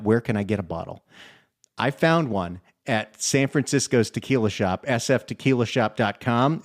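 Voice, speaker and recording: A man hosting a radio talk show in a chatty, enthusiastic way, taking calls and reading listener emails. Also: fairly low pitch. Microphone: studio microphone.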